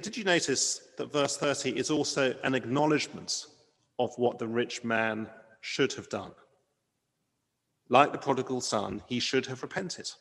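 A man's voice: medium pitch, vocal fry. Preacher man in a reverberant hall. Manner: earnest, varies loudness for emphasis, rhetorical questions. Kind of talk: sermon.

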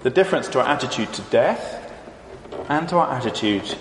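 A man delivers a sermon at a measured pace, reading verses and explaining them. His mid-range voice rings out in a roomy hall with a long tail of reverb. A faint murmur of ambience sits underneath. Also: mid-range voice, lively intonation, a little hiss or hum. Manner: measured expository preaching, reading verses aloud. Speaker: preacher.

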